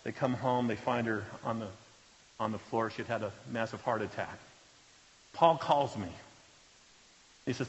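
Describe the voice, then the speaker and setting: A man preaching a sermon as a pastor, telling stories earnestly and dropping to a hush at solemn moments. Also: fairly low pitch, normal speed, pauses often. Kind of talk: sermon storytelling. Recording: reverberant hall, dull lo-fi sound.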